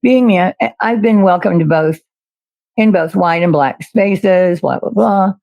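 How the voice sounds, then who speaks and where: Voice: mid-range voice, a little slow, vocal fry, no room sound, lo-fi sound. A guest in casual chat who tells rambling stories.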